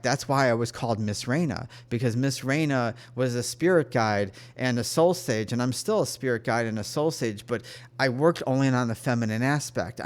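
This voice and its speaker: A man speaks straight to his viewers about a spiritual experience, at an ordinary middle pitch. His delivery is earnest and emotional, and he keeps breaking off and restarting his sentences. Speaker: spirit guide. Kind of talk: personal spiritual storytelling to camera.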